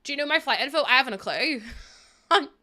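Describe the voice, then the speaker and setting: With a high, expressive voice that's pushed and bright, this Irish woman chats briskly while gaming on stream. She rambles, laughs a lot, and keeps addressing her chat in a casual, playful way.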